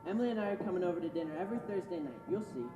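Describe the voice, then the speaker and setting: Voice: mid-range voice, animated, rapid-fire, natural voice. A student playing a nervous young groom. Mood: earnest. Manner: pleading, earnest. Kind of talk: school stage play acting. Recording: echoey hall, far-off mic, music.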